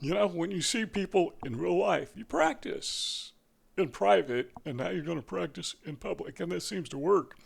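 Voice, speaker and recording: A man with a fairly high voice and a heavy gravelly rasp talks straight to camera. He works through numbered advice points in an earnest, unscripted way and pauses now and then to find the right word. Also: animated. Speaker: channel host. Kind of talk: talking-head advice monologue.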